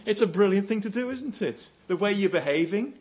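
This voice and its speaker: Animated male preacher telling a story. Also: brisk. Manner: animated storytelling, voice rising for quoted lines and dropping low for emphasis. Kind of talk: sermon.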